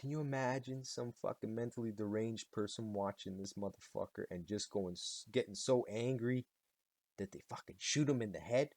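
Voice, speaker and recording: A man's voice: on the low side, moderate pace, a little mellow, no room sound. A man hosting a solo podcast, ranting in a rambling, sarcastic and profane way. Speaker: podcast host.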